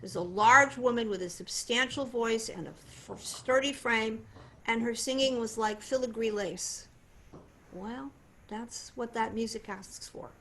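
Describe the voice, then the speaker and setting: An older woman voice teacher explaining singing technique in a conversational, animated way. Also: fairly high pitch, a little slow. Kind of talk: voice lesson demonstration and explanation.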